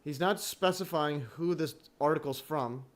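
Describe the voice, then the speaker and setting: A man hosting a livestream in casual chat, halting and full of restarts, chuckling often as he talks. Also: fairly high pitch. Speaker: livestream host.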